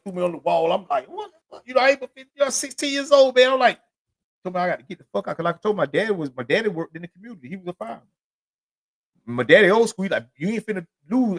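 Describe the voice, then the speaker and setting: A man hosting his own podcast alone, telling rambling, profane street stories in loose, casual slang. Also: sits high. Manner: rambling, repeats "you know what I'm saying". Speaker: podcast host. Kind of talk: solo podcast monologue.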